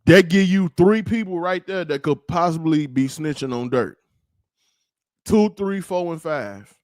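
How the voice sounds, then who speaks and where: A man hosting his own livestream, ranting in a loose, slangy, rambling way with plenty of animated asides. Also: a little high, unhurried, no echo, clean studio sound. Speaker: livestream host. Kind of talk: casual livestream rant.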